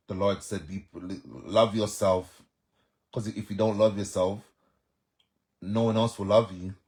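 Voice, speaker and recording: A young man with a Jamaican accent, chatting casually on a live stream and answering viewers by name. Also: on the low side. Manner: animated, reads out viewer comments and answers them.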